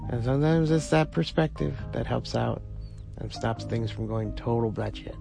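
A man's voice: medium pitch, normal speed, creaky. A man hosting a podcast, rambling in a casual monologue and swearing freely. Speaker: podcast host. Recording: music playing underneath.

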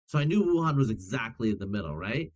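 A man chatting as a podcast guest, telling stories in an animated, rambling way. He fills gaps with "um" and "like" and restarts sentences often. His voice sits at an ordinary middle pitch. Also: quick pace, rough recording. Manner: rambling, lots of fillers and restarts; animated storyteller. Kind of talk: casual chat.

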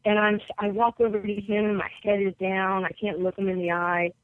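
A woman's voice: medium pitch, little pitch movement, a little fast, no room sound. A woman from New York, a basketball coach and podcast guest, telling personal stories and acting out the voices of people she quotes. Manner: vivid storyteller who acts out quoted voices. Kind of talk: personal storytelling in an interview. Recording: tinny dry phone line.

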